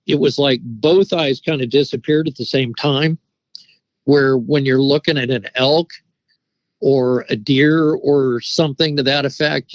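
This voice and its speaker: A middle-aged man, a guest, rambles through a long story about an encounter, restarting often and padding it with "you know." His voice sits at medium pitch, and the low-quality recording carries no room sound.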